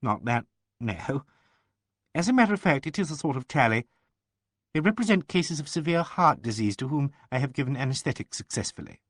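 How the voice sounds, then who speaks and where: A man's voice: medium pitch, big pitch swings, brisk, no room sound, clean studio sound. A man reading aloud voices a shy, modest male doctor who explains himself hesitantly. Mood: bashful. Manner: bashful and hesitant.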